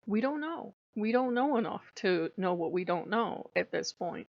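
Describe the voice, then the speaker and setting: A woman's voice: medium pitch, expressive, moderate pace, vocal fry, no echo, lo-fi sound. A woman hosting a spiritual channel, talking in a casual, irreverent monologue and acting out the things people say. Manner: irreverent, chatty, acts out quoted speech. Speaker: host of a pagan spirituality channel.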